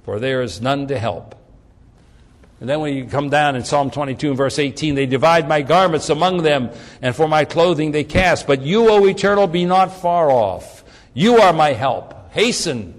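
A man delivers a sermon in a somewhat high voice, his pitch rising and falling with lively emphasis. He reads scripture slowly and with weight, often repeating himself as he presses a point. His voice rings out with a long hall reverb. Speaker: preacher.

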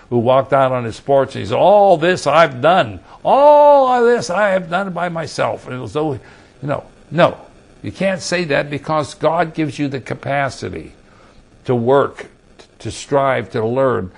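A man preaching a sermon, emphatic and rising to loud scripture readings. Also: medium pitch, vocal fry.

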